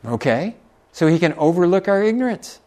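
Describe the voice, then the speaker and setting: A middle-aged preacher tells stories from the pulpit in a folksy way, chuckling and turning to the congregation with asides. His voice sits somewhat high for a man. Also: big pitch swings, moderate pace, a little mellow. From Texas. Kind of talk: sermon.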